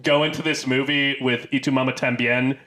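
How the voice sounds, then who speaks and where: A man with a bright, forward voice chats casually as a podcast co-host. He rambles through his points with frequent fillers and restarts, at a middling pitch. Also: fairly even intonation, a little fast. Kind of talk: casual chat.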